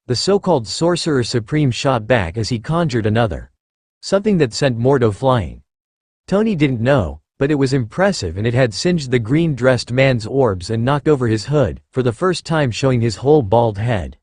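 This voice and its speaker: A man narrating a fan fiction story in a steady reading voice. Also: medium pitch, normal speed, no echo, studio quality.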